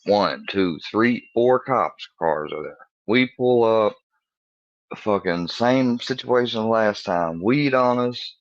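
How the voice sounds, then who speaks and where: A man in his thirties tells a rambling, profane story in a casual tone, often laughing and jumping higher to mimic his friends. His voice sits very low. The recording is dry and slightly dull. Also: animated, slow pace, no room sound. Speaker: podcast host.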